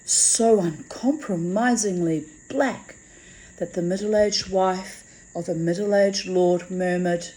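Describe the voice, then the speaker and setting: A woman reads a fantasy story aloud. Her delivery is slow and measured. Her voice is mellow and relaxed. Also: lowish voice, rough recording. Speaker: reader. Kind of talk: storybook reading.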